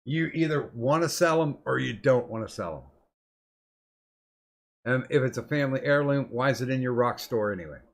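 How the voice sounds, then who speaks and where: Brief: middle-aged male host, mid-pitched, profane, rambling anecdotes in loose banter. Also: normal speed. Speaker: podcast host. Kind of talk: casual chat.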